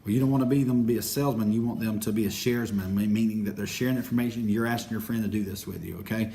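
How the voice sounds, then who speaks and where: A young man giving an energetic sales training talk, acting out quick phone invitations. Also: on the low side, slight background noise.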